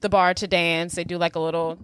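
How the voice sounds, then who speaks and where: A woman's voice: lowish voice, fairly quick, clear, resonant tone, dry recording. A woman co-hosting a podcast, telling the plot in casual chat with easy laughter. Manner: laughs easily, lively storytelling. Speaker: podcast co-host. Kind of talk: casual movie recap chat.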